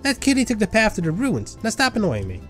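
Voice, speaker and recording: A man's voice: high voice, huge pitch swings, fast, fairly bright tone, faint music behind, pitched above the performer's own voice, heavily acted. A man reading out a grumpy, lazy plant creature from a game, snippy and dismissive.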